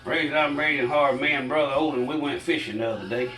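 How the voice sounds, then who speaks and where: A man's voice: medium pitch, fast talker, bright, forceful tone, roomy sound, recorded from a distance, low-quality recording. An older man with a Southern US accent, chatting folksily to viewers as he demonstrates a recipe in his home kitchen, a bit short of breath. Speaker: cooking channel host. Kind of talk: casual home cooking demonstration.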